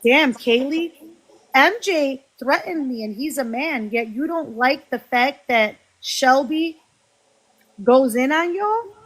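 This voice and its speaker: A woman hosting a livestream, talking in a heated, animated way to her viewers and swearing freely. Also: high-pitched, slow. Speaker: livestream host. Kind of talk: heated casual livestream talk.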